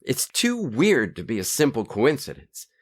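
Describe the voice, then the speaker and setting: A man's voice: medium pitch, huge pitch swings, moderate pace. An actor playing a folksy human man in an audio drama, who speaks in homespun sayings. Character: folksy human man, Curdy, fond of his dad's sayings.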